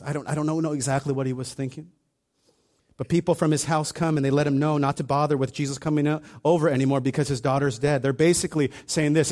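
A man preaching a sermon in a conversational, animated way, acting out little asides as he retells the story. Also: a little high, quick pace.

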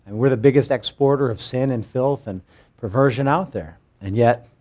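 A man in the middle of an expository sermon, talking to his congregation in a conversational way. He restarts phrases often and swings his delivery up and down as he acts out the verses he quotes, at an ordinary middle pitch. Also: normal speed. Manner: animated, acts out quoted scripture with emphatic rises and drops. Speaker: pastor.

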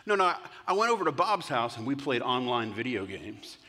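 A man's voice: medium pitch, big pitch swings, brisk, pushed and bright, in a large hall, voice pushed down. Man doing a sheepish, lazy husband. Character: smug lazy husband in a sermon joke.

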